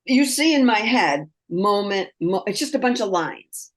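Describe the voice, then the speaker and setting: A woman hosting a spiritual podcast, talking with a client over a video call in a slow, searching way that trails off between phrases. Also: medium pitch, animated. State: tearful, crying. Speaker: spirit messenger, podcast host. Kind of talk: spiritual conversation, channeling.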